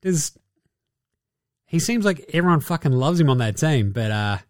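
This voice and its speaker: A man's voice: fairly high pitch, lively intonation, normal speed, darkish tone, no room sound, studio quality. An Australian man hosting a podcast, giving a sarcastic, profane basketball recap. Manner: sarcastic, swears freely. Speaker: podcast host.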